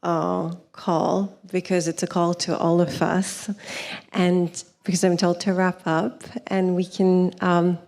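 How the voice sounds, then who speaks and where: A woman's voice: lowish voice, little pitch movement, takes it slowly, creaky, a little mellow, long reverb tail. A woman chairing a panel, politely wrapping up the session and handing over to speakers. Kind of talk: moderating a panel. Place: conference hall.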